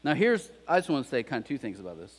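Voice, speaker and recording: A man preaching a sermon in a church, telling a story with lively acted-out voices. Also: mid-range voice, rapid-fire, big-room sound. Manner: animated storytelling, acts out voices of characters. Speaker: pastor. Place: church auditorium.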